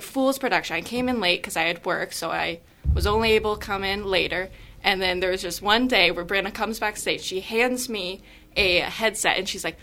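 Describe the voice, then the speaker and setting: A teenage girl speaks as a guest on a school interview, bubbling with enthusiasm. Her voice is bright and forward, and she acts out every quote in her story. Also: medium pitch. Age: teens. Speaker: high school theater student guest. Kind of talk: casual interview chat.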